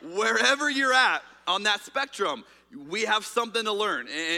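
A man's voice: sits high, sharp tone. A man preaching a sermon as pastor, speaking in a candid, conversational way with fillers and restarts. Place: church auditorium. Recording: reverberant hall.

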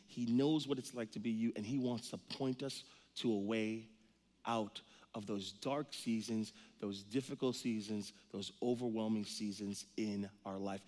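A man in his thirties, a pastor giving an energetic, joking sermon with many stories. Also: on the low side, big-room sound.

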